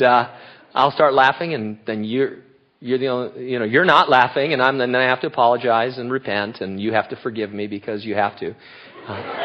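A man's voice: mid-range voice, dull audio. Older man preaching, rambling and joking. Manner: rambling, joking, breaks into laughter. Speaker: pastor. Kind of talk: sermon.

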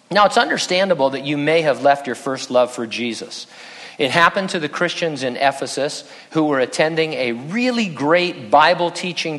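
An earnest male pastor preaching a sermon in a conversational way, slipping in light humor. His voice sits a bit high for a man. A long reverb trails his words through the large sanctuary. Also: fairly bright tone.

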